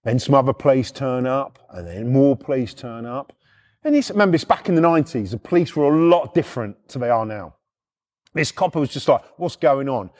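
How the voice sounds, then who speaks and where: A middle-aged man with a British accent, telling a rough anecdote in blunt, heavily profane casual speech. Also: medium pitch, animated, fairly quick, a little mellow. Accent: British English. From United Kingdom. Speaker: storyteller.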